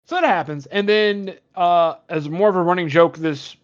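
A podcast co-host with a high-sitting voice retells a movie plot at a moderate pace, rambling casually, swearing, and joking along the way. The recording has a dull lo-fi sound.

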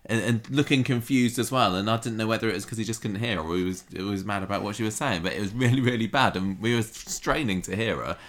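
A woman co-hosting a casual podcast, opinionated and quick with her asides. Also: very deep voice. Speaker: podcast co-host. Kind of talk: casual soap recap chat.

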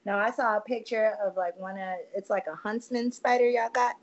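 A woman's voice: a little high, fairly even intonation, brisk, dull audio. A woman, a wrestler guest in a casual interview, playful and laughing a lot as she jokes. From United States. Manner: playful, joking, laughs a lot, uses "y'all".

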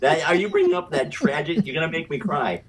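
A man's voice: fairly high pitch, huge pitch swings, fast, slight background noise. A man joining a casual podcast chat with dry, wry humor.

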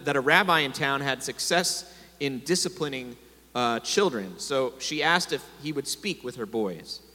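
A man's voice: fairly high pitch, bright, forceful tone. Male preacher, sermon delivery with call-and-response, reverberant sanctuary sound. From America. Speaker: pastor. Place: congregation hall. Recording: long hall reverb.

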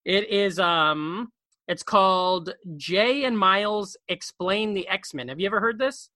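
This podcast co-host chats casually from his home bedroom, jokey and rambling, speaking quickly and repeating words a lot. The voice sits high with a bright, forceful tone, and there's no echo.

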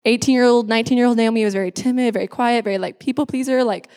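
A woman's voice: fairly high pitch, steady tone, rapid-fire, a little mellow. A woman in her twenties, a pastor giving a personal testimony sermon on a church stage, speaking emphatically and repeating phrases for effect. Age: 20s. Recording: echoey hall with long reverb.

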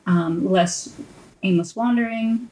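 A young adult woman co-hosting a casual book podcast, speaking in a hesitant, measured way with many fillers. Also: mid-range voice, a little mellow, rough recording. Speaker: podcast co-host. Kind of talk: casual book club chat.

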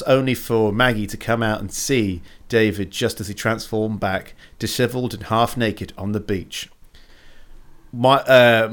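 Male co-host, casual chat, jumps up in pitch when worked up. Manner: animated, jumps higher when excited or joking. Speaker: podcast co-host. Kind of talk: casual chat with plot summary.

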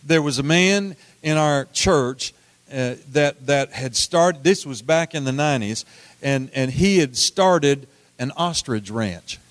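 A middle-aged man preaching a sermon, telling folksy stories with repeated words and swings from loud to hushed. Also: medium pitch, expressive, takes it slowly, no room sound. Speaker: pastor.

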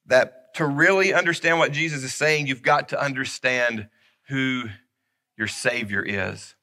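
A man preaching a sermon as pastor, repeating key phrases and swinging from loud emphasis down to a soft, near-whispered delivery. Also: medium pitch.

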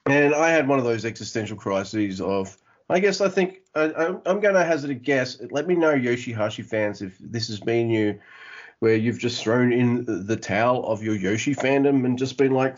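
A man's voice: medium pitch, normal speed, muffled recording. A man co-hosting a casual podcast, rambling and swearing with frequent restarts and fillers. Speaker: podcast co-host.

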